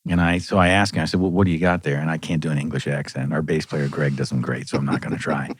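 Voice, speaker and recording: A man in his sixties, a musician, telling a lively anecdote on a podcast and chuckling between lines. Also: a bass voice, quick pace, slightly rough, dry recording, clean studio sound. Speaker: musician guest.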